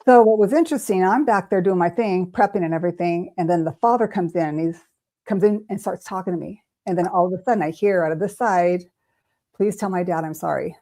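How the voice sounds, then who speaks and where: A woman's voice: on the low side, quick pace. An older woman, an intuitive reader, telling a personal story in an interview and acting out the voices she quotes. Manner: animated, acts out quoted voices.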